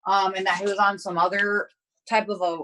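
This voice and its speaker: A woman's voice: mid-range voice, flat delivery, fairly quick, pushed and bright, a little hiss or hum. A young woman talking as an interview guest, telling a story bluntly with lots of swearing and filler words. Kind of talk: casual chat.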